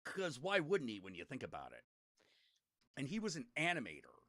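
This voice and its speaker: A man's voice: mid-range voice, huge pitch swings, brisk, pushed and bright, dry recording, studio quality. A middle-aged man, a podcast host, telling a rambling story in casual chat, swearing freely and laughing as he goes.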